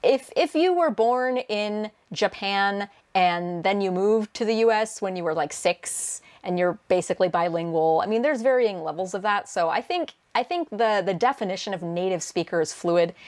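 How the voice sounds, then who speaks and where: A young woman who works as a translator answers viewer questions in a casual vlog, and English is her first language. Her medium-pitched voice is expressive and a little mellow, moving at normal speed with few pauses. She's chatty, laughs often, and fills her speech with fillers and restarts.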